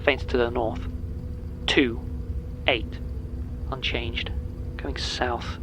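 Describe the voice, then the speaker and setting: An actor playing a man who slowly reads out ominous coded numbers in an audio drama, with a gravelly, halting delivery. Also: mid-range voice, flat delivery, noisy background. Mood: grim, measured.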